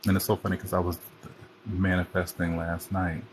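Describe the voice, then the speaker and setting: A man's voice: sits low, level tone, moderate pace, slight background noise. A man hosting a casual livestream chat on his phone, rambling and chatty as he jumps from topic to topic. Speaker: host.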